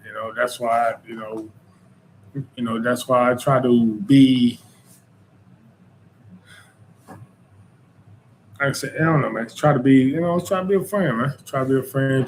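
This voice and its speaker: A man with a North Carolina Southern accent hosts his own show in a loose, rambling monologue. His voice sits at an ordinary middle pitch and keeps circling back with "you know" and "man". A faint noise hums behind him. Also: fairly even intonation, normal speed, low-quality recording. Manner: informal Southern speech. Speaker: podcast host. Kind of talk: casual monologue.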